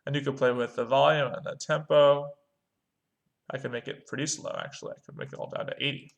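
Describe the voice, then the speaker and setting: 中音男老师，声音略带沙哑. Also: male voice, medium pitch, steady tone, fairly quick, gravelly. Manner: talks through clicks step by step, chants rhythm syllables. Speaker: music teacher. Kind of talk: screen-recorded online lesson.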